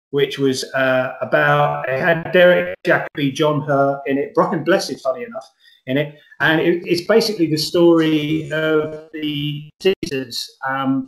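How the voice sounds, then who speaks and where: A middle-aged man, an actor, talking through his ideas in an earnest, rambling way during an interview. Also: on the high side. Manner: earnest, rambling, lively emphasis. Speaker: guest actor. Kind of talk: conversational interview. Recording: roomy echo.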